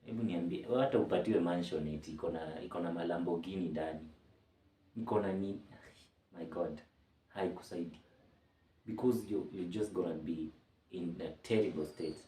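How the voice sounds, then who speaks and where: A man gives a casual educational talk on mental health, keeping it chatty with jokey asides. He has a low, dark voice at normal speed and pauses often, and he sits far from the mic, so the sound is roomy.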